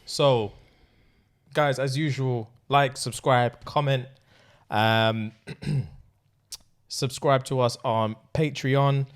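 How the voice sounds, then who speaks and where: A man's voice: medium pitch, steady tone, extremely slow, long pauses, clear, resonant tone. A man co-hosting a podcast, joking crudely and laughing through casual chat. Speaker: podcast co-host.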